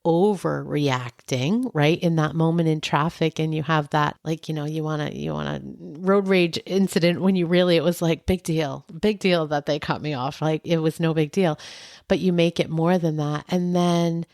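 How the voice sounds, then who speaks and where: A woman hosting a podcast, asking questions casually and thinking out loud as she goes. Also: sits low, fairly even intonation, normal speed, creaky, no room sound, clean studio sound. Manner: searching, thinks aloud while asking.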